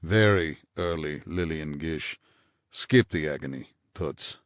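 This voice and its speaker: A man voicing a bitter, menacing husband in an audiobook, snarling low and clipped with contempt. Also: takes it slowly, no room sound, clean studio sound. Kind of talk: audiobook character voice.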